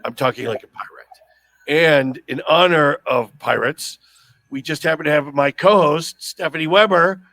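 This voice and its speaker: A man hosts a casual podcast in a middle-pitched voice. He jokes and rambles, with fillers and restarts. The sound is dry and close. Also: normal speed, gravelly, bright, forceful tone, no room sound, poor audio. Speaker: podcast host.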